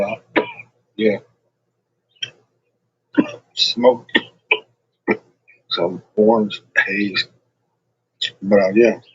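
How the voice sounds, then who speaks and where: A man's voice: fairly low pitch, husky, no echo, muffled recording. A man ranting to his livestream chat in a rambling, combative way, swearing constantly.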